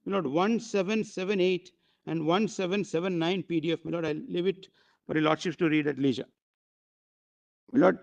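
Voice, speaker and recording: A man's voice: sits high, moderate pace, creaky, darkish tone, dull audio. A man with an Indian English accent arguing formally before a court, addressing the bench as "my lord" again and again. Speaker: advocate. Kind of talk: courtroom argument.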